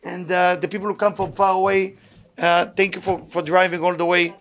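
High, gravelly-voiced man preaching. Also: little pitch movement, a little fast, a bit bright. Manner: emphatic, repetitive, humorous asides. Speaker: preacher giving a weekly talk. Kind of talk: sermon. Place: in front of a live audience.

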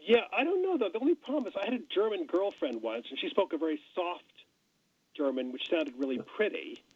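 A man's voice: high-pitched, expressive, brisk, darkish tone, husky. A middle-aged man, a radio guest, musing in a chatty way with many restarts. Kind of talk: casual radio conversation. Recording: dull dry radio studio sound.

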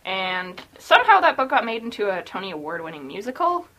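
A woman's voice: medium pitch, big pitch swings, brisk, fairly bright tone. A woman co-hosting a casual book podcast, bubbly and giggly, full of fillers. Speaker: podcast co-host.

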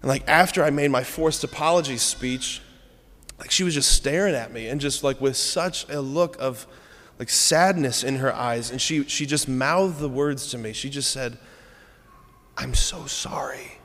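A man's voice: medium pitch, normal speed, fairly bright tone. Man preaching in a reverberant hall. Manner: candid, self-deprecating storytelling with frequent "right?" asides. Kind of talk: conversational sermon with a personal story. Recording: long reverb of a large hall.

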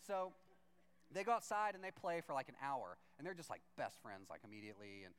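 A man telling a funny personal story to a church audience, animated and self-deprecating, with sudden excited outbursts. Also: medium pitch, brisk, clear, resonant tone. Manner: animated, self-deprecating, jumps into excited shouts when acting out his own reactions. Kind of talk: comic storytelling.

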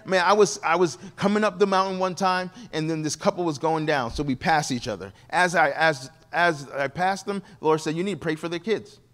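A man's voice: normal speed, hardly any pauses. A man preaching as a guest, telling stories from the pulpit and acting out the voices of the people in them. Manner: animated, acts out quoted people with shifting pitch. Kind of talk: sermon storytelling.

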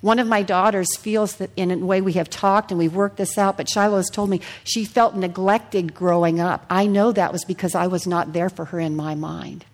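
A woman preaching a sermon in a church hall, earnest and personal, sharing her testimony and sometimes dropping her voice to a hush. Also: lowish voice, fairly even intonation, moderate pace, hardly any pauses. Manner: earnest, personal testimony with soft hushed passages.

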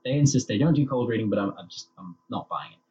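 A man rants through a casual podcast review, swearing freely. His pitch swings widely as he gets worked up. The recording is a little dull, with a faint hiss underneath. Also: fast. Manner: ranting, sweary, animated. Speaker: podcast co-host. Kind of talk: casual comedic review chat. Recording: slightly dull with faint noise.

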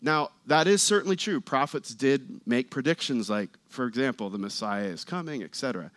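A man preaching a sermon in a church, talking conversationally and getting louder and more animated as he reads scripture. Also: mid-range voice, moderate pace, no room sound. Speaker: pastor.

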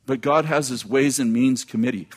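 Man, preacher, sermon, scripture reading, animated asides, mid pitch. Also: normal speed.

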